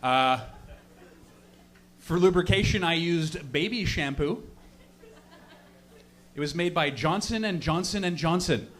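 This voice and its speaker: A man's voice: a little high, lively intonation, slow pace, pauses often, a bit bright. A young man performing a rambling, profane stand-up set on stage, laughing at his own stories. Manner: loose, rambling storytelling with frequent laughs and profanity. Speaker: stand-up comedian. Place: comedy stage before a live audience.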